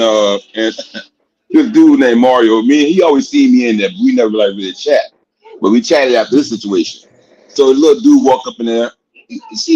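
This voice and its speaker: Animated Southern man, lo-fi sound. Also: medium pitch. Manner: insistent, animated, repeats himself. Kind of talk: casual radio chat.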